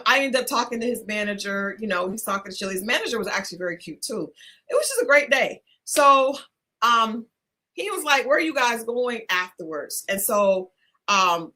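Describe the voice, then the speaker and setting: A woman co-hosting a talk show, telling a story in a casual, animated way, laughing often and restarting her sentences. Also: medium pitch, a little fast. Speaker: podcast co-host.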